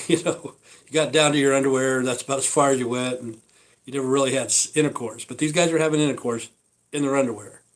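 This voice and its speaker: A man's voice: medium pitch, steady tone, fast, poor audio. A man talking casually on a live stream over lunch, rambling with many fillers and asides. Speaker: vlogger.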